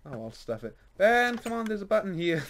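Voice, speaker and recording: A man's voice: sits high, very animated, a little fast, a little hiss or hum. A man chatting casually with friends as they play a game, laughing often, exclaiming and teasing. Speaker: gamer playing with friends. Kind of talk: casual gaming chat.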